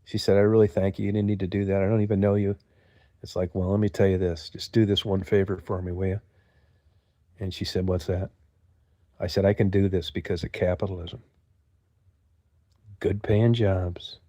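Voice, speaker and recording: A man's voice: low-pitched, little pitch movement, normal speed, pauses often, mellow, no room sound. Profane, rambling older man. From United States. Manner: profane, gruff, talks to chat viewers. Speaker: livestream host. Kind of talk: casual rambling monologue.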